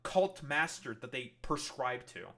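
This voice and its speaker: A man's voice: medium pitch, lively intonation, unhurried, sharp tone. A man giving heated, swear-filled commentary as a streamer reacting to a debate, sarcastic and blunt. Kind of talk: profane ranting commentary.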